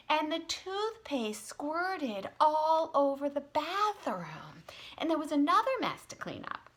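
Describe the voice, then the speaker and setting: A woman tutor reading a children's storybook aloud in an expressive way. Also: high voice, measured pace. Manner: expressive, animated.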